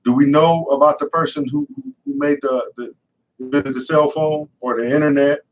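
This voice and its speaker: A man's voice: on the high side, steady tone, normal speed. A man co-hosting a casual talk show, earnest and persistent, peppering his points with "real talk" and "right?". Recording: voice a bit distant from the mic.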